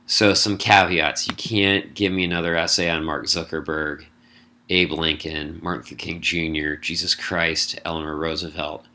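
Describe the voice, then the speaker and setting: A man's voice: a bass voice, little pitch movement, pushed and bright. A middle-aged man, a college English instructor, casually walking students through an essay assignment with wry asides. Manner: casual, wry asides, lists points briskly. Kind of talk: recorded lecture explaining an assignment.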